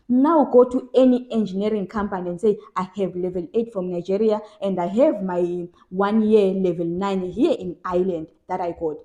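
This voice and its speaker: Emphatic woman vlogger, mellow voice. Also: on the low side. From South Africa. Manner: emphatic, repeats phrases for stress. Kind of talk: casual advice vlog.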